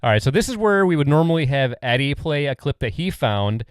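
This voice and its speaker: A man's voice: medium pitch, sing-song, fairly quick, clean tone, no room sound. A man hosting a podcast, chatting casually, laughing often, and leading into segments. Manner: easygoing, laughs often, plain segment lead-ins. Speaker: podcast host.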